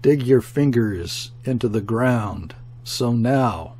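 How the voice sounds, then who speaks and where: A man's voice: medium pitch, animated, slow, darkish tone, slight background noise. A man voicing an old gunner whose voice is cracked and shaky with emotion. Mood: coaxing, anxious.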